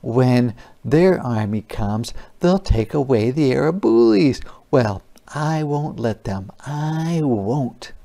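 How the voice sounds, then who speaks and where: A reader doing a quiet, determined little girl. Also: medium pitch, expressive, slow pace, creaky, hardly any pauses. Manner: quiet, hushed inner voice. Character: determined young girl thinking to herself. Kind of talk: children's storybook read-aloud.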